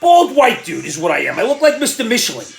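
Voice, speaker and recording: An indignant middle-aged man with an Irish accent rants through his commentary with sarcastic jabs and stumbling restarts. His voice leaps up and down in pitch and breaks into shouts. Faint music sits underneath. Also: wildly swooping pitch, fast, vocal fry, roomy sound. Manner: indignant, ranting, bursts into shouting. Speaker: commentary show host. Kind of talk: ranting opinion commentary.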